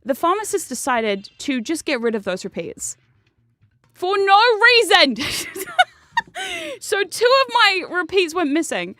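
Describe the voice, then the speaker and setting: A woman's voice: very high voice, a little slow, dry recording. A young woman, telling a story casually and animatedly while she streams a game, with some swearing. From New Zealand. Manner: animated and swearing, with bursts of laughter.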